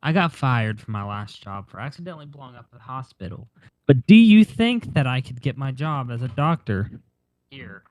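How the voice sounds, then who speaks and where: An eager, goofy robot doctor in a tabletop game, played by a man. His pitch swings in a lively way, and the sound is dry and close. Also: normal speed, dry recording, close to an everyday voice. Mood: pleading. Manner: eager, playful.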